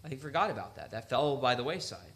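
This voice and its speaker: In a church sanctuary, a young man preaches a sermon with a fast, sing-song, slightly bright mid-range voice. He reads scripture conversationally and breaks into joking asides, acting out quotes in different voices.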